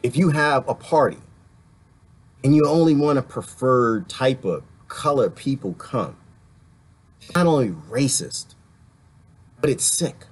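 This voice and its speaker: Animated, sarcastic ranting man. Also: mid-range voice, measured pace, long pauses, slightly rough. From Washington, D.C. area, US. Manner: animated, sarcastic, laughs often. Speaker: video host reading viewer comments. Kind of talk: ranting livestream commentary.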